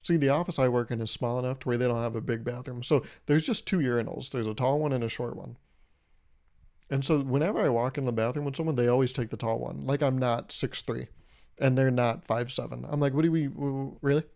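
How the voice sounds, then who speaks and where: A man's voice: mid-range voice, a little fast, creaky, a little mellow. A young man hosting his own podcast, riffing through a crude, rambling comedic monologue with a self-amused edge. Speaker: podcast host.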